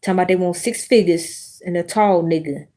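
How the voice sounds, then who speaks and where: Woman in her 30s ranting on a livestream, kinda low mellow voice, blunt, cussing a lot, preachy. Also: a little fast. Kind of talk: casual livestream rant.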